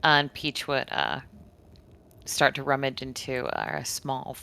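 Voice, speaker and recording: A woman's voice: very deep voice, very animated, a little slow, creaky, pushed and bright. A woman narrating her character's actions in a tabletop game, descriptive and playful. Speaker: player. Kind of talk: tabletop role-play narration.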